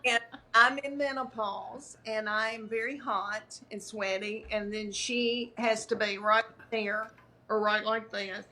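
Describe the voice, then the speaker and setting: A woman's voice: mid-range voice, steady tone, takes it slowly, sharp tone. A woman, a comedian telling rambling, self-deprecating stories in casual chat over a video call. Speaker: comedian guest.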